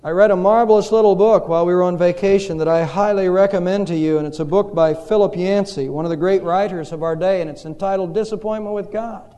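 A male pastor preaching a sermon in a church, telling stories slowly and dramatically with pauses. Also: high-pitched, mellow. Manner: slow, dramatic storytelling with pauses. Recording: reverberant hall.

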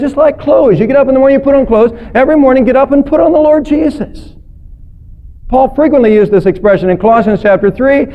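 A male pastor preaching with emphasis, piling up rhetorical questions. His voice sits high for a man, and the recording sounds dull and lo-fi. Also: fairly quick. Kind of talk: sermon.

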